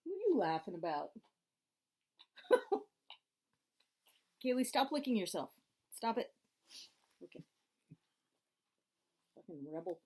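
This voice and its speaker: A woman's voice: mid-range voice, mellow, slightly rough. A woman from Scotland reading an old science fiction story aloud at home, chatty and laughing, stumbling over some words. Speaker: reader. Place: home with dogs.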